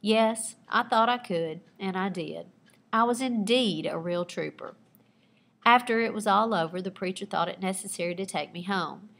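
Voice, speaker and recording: Expressive woman teacher reading a story. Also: mid-range voice, moderate pace, gravelly. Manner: expressive storytelling with asides pointing out figurative language. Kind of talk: reading aloud a personal narrative and explaining writing techniques.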